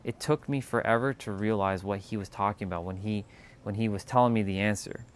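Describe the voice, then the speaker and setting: A man hosting a casual spiritual livestream, talking in a calm, unhurried way that turns loose and profane at times. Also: on the low side, a little hiss or hum. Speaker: livestream host.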